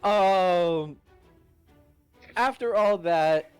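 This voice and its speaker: A woman's voice: lowish voice, extremely slow, smooth. A woman casually recapping a game session as a player, swearing and laughing as she tells it. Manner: animated, laughing, swearing storyteller. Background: faint background music.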